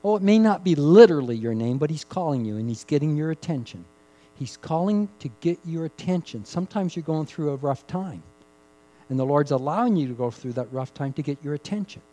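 A man preaching a sermon, rising to loud emphatic peaks and dropping to hushed, drawn-out phrases, repeating key words for emphasis. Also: a little high, animated, poor audio. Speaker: pastor.

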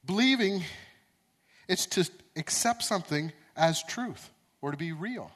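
A man's voice: sits high, expressive, a little slow, fairly bright tone. A man preaching a sermon, earnest and repetitive, building to emphatic peaks.

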